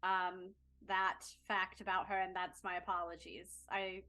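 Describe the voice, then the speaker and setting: Woman player, sharp bright tone, giggly and apologetic. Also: lowish voice, level tone, measured pace, low-quality recording. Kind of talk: casual tabletop play.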